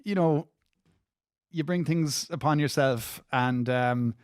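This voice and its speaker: A man's voice: mid-range voice, slow pace, smooth, dry recording, clean studio sound. An Irish man co-hosting a wrestling podcast in casual chat, playful and mock-serious. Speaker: podcast co-host.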